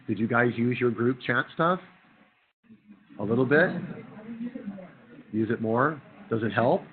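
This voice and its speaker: A man with a hoarse, husky voice from a chest cold, giving a university lecture in a chatty, joking way and quizzing the class. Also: medium pitch, phone-quality sound, a little hiss or hum. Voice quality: husky radio voice. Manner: conversational, jokey, quizzes the class.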